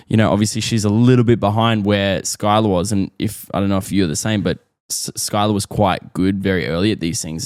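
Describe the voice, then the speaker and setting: A man's voice: fairly low pitch, no echo, studio quality. An Australian man in his thirties, a father chatting casually and earnestly on a parenting podcast, rambling as he talks things through. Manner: rambling, earnest, self-questioning. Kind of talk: casual chat.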